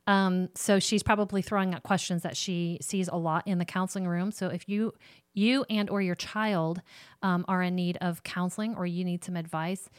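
A woman's voice: lowish voice, little pitch movement, moderate pace, clear, resonant tone, no echo, clean studio sound. A woman, giving direct, casual faith-based parenting advice as a ministry counselor. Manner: warm, direct, talks straight to moms.

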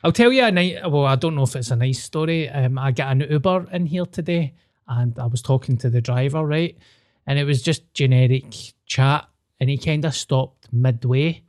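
A man's voice: medium pitch, normal speed, a little mellow. A man with a Scottish accent, hosting a podcast and telling stories in casual, sweary chat. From Scotland. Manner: sweary, storytelling, laughs easily. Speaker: podcast host.

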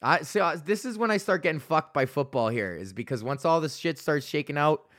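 A man's voice: a little high, expressive, brisk, fairly bright tone. A male comedian hosting a solo podcast, ranting in a loose, rambling, profane way.

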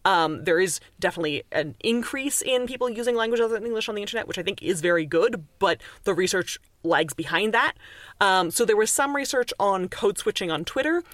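A woman's voice: mid-range voice, lively intonation, fairly quick, a bit bright, no echo. Chatty explaining woman from Canada. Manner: chatty and explanatory, with frequent fillers and restarts. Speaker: author and linguist guest. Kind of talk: casual podcast interview.

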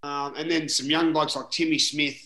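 Bright-voiced Australian man, roomy sound. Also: a little high, little pitch movement, moderate pace. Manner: rambling, anecdotal, full of "you know" and swearing. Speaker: former rugby league player, guest. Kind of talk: casual interview storytelling. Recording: roomy echoing room.

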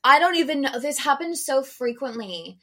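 Woman, casual co-host, theater-trained voice, lively delivery, acts out customers. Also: sits high, moderate pace. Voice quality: projecting theater voice. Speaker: podcast co-host. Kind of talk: casual chat.

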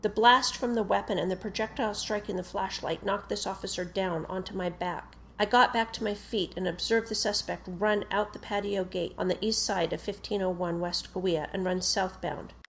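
A woman reading an official police report aloud in a steady, formal narration. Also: mid-range voice, moderate pace, creaky, hardly any pauses, a little hiss or hum. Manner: steady, formal delivery that gets louder on quoted shouts.

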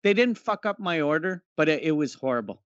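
A man co-hosting a casual comedic podcast, telling crude jokes in a dry, deadpan way. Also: on the high side, brisk, no room sound, muffled recording. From Canada. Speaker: podcast co-host.

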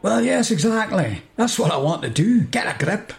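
A man's voice: high-pitched, sing-song, normal speed, creaky, heavy background noise. A man co-hosting a comic story podcast, joking and chuckling in casual chat. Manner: jokey, chuckling, rambling. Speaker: co-host and character reader.

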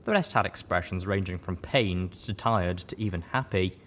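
A man giving a first-person audiobook narration with steady storytelling. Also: deep voice, normal speed, a little hiss or hum.

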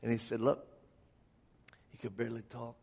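A man's voice: medium pitch, monotone, normal speed, vocal fry, darkish tone, slightly rough. A man preaching a sermon, telling personal stories dramatically and pressing his listeners with emphatic questions. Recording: long hall reverb.

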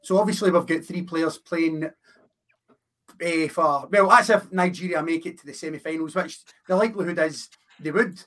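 A man on a football podcast, explaining rules in a halting, restarting way. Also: on the high side, fairly bright tone. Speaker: podcast co-host. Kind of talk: casual chat.

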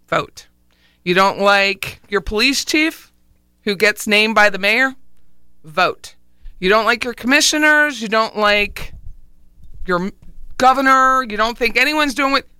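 A woman's voice: medium pitch, sharp tone, clear, resonant tone, no echo. A woman with a Philadelphia accent hosting a radio talk show, speaking in a casual, emphatic way and hammering home key words. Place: radio studio.

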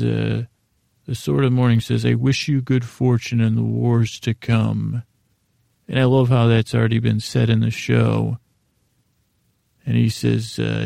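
In a casual podcast recap, the host walks through a TV episode, loosely paraphrasing every scene and filling gaps with "uh". His medium-pitched voice is heavily gravelly, flat and dark. The mic is close and dry, with no echo.

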